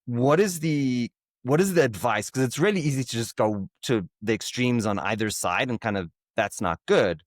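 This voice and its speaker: A middle-aged man hosting an interview, asking a question in a reflective, halting way as he searches for his words. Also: mid-range voice, no echo, studio quality. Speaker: podcast host. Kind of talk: interview conversation.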